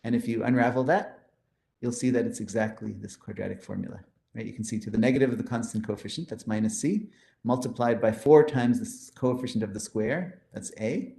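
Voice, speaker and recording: Man giving a mellow, echoey math lecture. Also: medium pitch, a little fast, gravelly, slight background noise. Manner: explanatory, enthusiastic, pointing to slides.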